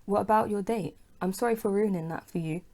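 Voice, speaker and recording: A woman's voice: medium pitch, brisk, dark tone, close to an everyday voice. A woman reading an apologetic young man. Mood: pleading. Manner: eager, apologetic, keeps offering to pay.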